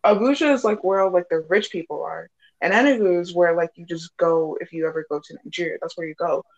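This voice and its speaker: A woman's voice: lowish voice, fast, highs cut off. A woman hosting a casual chat, rambling and giggly with lots of fillers. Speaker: host.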